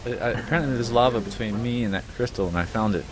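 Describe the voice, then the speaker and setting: A man in casual game voice chat, making dry, deadpan sarcastic remarks. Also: medium pitch, fast, heavy background noise. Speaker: game player.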